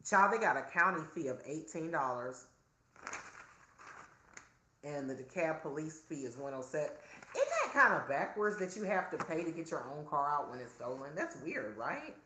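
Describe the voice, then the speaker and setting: Animated vlogger in echoey room. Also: medium pitch, moderate pace, a little hiss or hum. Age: 40s. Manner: animated and indignant, chatty. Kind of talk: casual venting to viewers. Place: indoors, self-filming.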